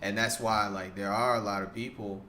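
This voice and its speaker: A young man in a casual interview, an animated storyteller who acts out what other people said. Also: lowish voice, normal speed, echoey room, slight background noise. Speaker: podcast guest, wrestling photographer.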